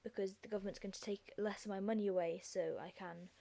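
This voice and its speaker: A woman doing hoarse worker Fred, odd accent. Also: high voice, fairly even intonation, fast talker, dark tone. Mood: cheerful. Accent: odd put-on accent. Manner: exaggerated, reacting aloud. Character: ordinary male worker weighing tax and work.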